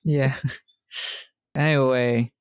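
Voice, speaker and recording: A man's voice: mid-range voice, steady tone, drawn-out words, clean tone, no echo. A man in his twenties recapping a film on a podcast in casual, profane chat, laughing often. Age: 20s.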